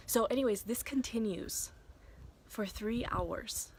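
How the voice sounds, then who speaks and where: A woman in her thirties talks straight to her viewers in a candid, rambling way, swearing now and then. Her voice sits at an everyday pitch for a woman. Clear background noise runs under the home recording. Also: normal speed. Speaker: vlogger and mother. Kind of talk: casual confessional vlog. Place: vacation cabin in the mountains.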